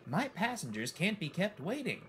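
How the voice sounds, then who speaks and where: A man's voice: sits high, big pitch swings, normal speed, a bit bright, slight background noise, pitched above the performer's own voice. A man voicing a smug, boastful male bus in a storybook.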